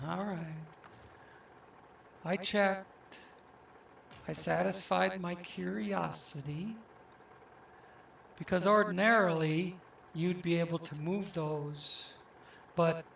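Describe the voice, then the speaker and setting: A man casually talking to himself as he plays a truck game, musing slowly and thinking aloud. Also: a little high, creaky, fairly bright tone, dull audio, slight background noise. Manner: slow, musing, talks to himself. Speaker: gaming channel host. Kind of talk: casual gameplay commentary. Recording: roomy, distant mic.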